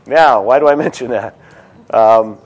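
A middle-aged man teaching a seminar in a classroom, animated and joking, with many fillers and restarts. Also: medium pitch, measured pace. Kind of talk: classroom lecture and discussion.

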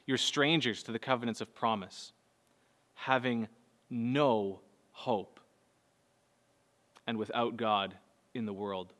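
A man, preaching a sermon earnestly, moving between soft low passages and raised, urgent bursts. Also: steady tone, slow pace, pauses often. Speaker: pastor. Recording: long hall reverb.

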